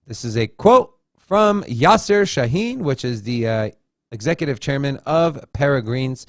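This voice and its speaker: A man's voice: medium pitch, animated, a little slow, no echo, clean studio sound. A man co-hosting a casual crypto news show, reading headlines aloud and tossing in joking asides. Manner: reads headlines then adds joking asides. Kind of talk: casual news read-through with commentary.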